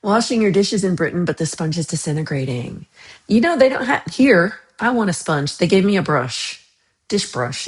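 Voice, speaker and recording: A woman's voice: on the low side, big pitch swings, moderate pace. An American woman hosting a casual livestream, reading chat comments, laughing often and trailing off into mumbles. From United States. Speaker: livestream host.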